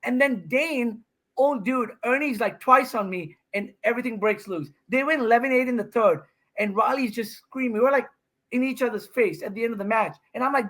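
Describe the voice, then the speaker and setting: A man in his fifties, a podcast guest, telling an animated story and acting out what he said in a raised voice. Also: very high voice, brisk. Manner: excited, acts out his own quotes with raised voice. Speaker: guest, professional pickleball player.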